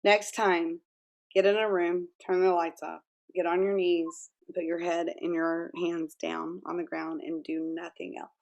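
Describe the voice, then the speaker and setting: A woman's voice: lowish voice, level tone, unhurried, vocal fry, a little mellow, highs cut off. Middle-aged woman, guest author, chatty storyteller, laughs a lot and acts out the quotes. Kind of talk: conversational interview.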